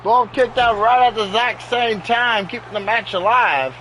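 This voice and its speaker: High-voiced man doing excitable play-by-play. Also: moderate pace, slight background noise, rough recording. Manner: excitable, keeps exclaiming "uh-oh". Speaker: game commentator. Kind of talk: play-by-play commentary over a wrestling game. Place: home with sleeping dogs nearby.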